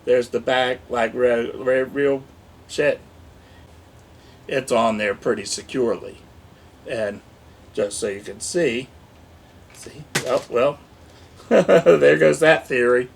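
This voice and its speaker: A man's voice: medium pitch, takes it slowly, vocal fry, long pauses, slight background noise. A man in his forties who swears his way through a crude, comedic toy unboxing and keeps breaking into silly voices. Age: 40s. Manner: jokey, profane, slips into silly voices.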